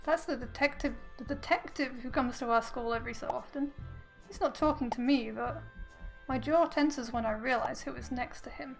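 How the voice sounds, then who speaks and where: A woman's voice: on the high side, fairly even intonation, moderate pace, creaky, soft background music, low-quality recording. A woman streamer reading a visual novel aloud, with playful, giggly asides between the lines. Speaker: let's play streamer.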